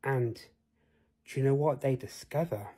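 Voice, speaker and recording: Slow, husky storyteller man. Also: mid-range voice, warm tone. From United Kingdom. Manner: rambling, addresses listener with questions. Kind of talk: improvised fantasy storytelling.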